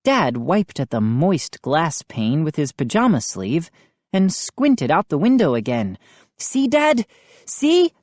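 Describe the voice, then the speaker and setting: Woman reading an audiobook slow and steady, lively pitch, dry close sound. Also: no room sound. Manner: measured storytelling. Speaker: audiobook narrator.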